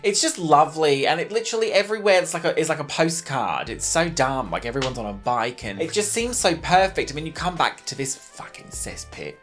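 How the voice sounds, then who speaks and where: A campy, mischievous man riffing through a casual comedy chat. His voice swoops up and down with lively pitch, and a little music plays softly underneath. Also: brisk, hardly any pauses. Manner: camp, teasing, swearing, very animated. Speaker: co-host.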